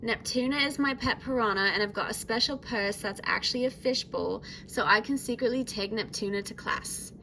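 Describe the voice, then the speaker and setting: A woman's voice: on the high side, normal speed, hardly any pauses, bright, forceful tone, slight background noise, poor audio. A woman voicing a laid-back teenage sea-monster surfer girl in a put-on mix of British, Australian and American accents, reading her diary aloud. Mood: breezy. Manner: breezy, chill beach talk.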